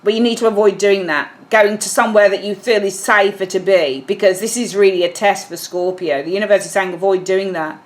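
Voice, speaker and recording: A woman's voice: medium pitch, steady tone, brisk, few pauses. Chatty woman reading tarot. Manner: chatty, apologetic, self-correcting. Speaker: tarot reader.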